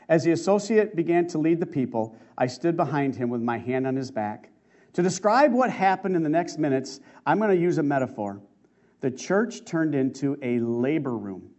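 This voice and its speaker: A man preaching a sermon, reading a testimony aloud in an earnest, emotive way with slow dramatic stresses. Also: a little high, animated, a little mellow. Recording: muffled lo-fi recording.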